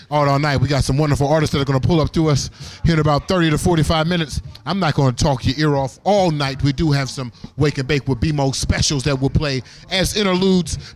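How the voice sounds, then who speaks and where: A hype-driven man hosts a live show at an art event, his voice sitting a little high, his delivery playful and full of repeats. Music plays faintly behind him. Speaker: host. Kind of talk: live radio show chat.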